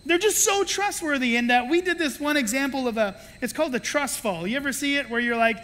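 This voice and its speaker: Inside the large hall of a church sanctuary, a high-pitched pastor preaches at a brisk clip. He is an adult with children whose sermon stories are animated, with the characters' voices performed and playful asides along the way.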